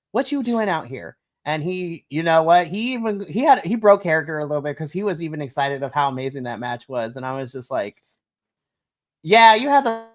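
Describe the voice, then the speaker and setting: A podcast co-host in casual wrestling review chat. Excitable, they keep acting out their own reactions as quotes. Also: mid-range voice. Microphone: podcast mic.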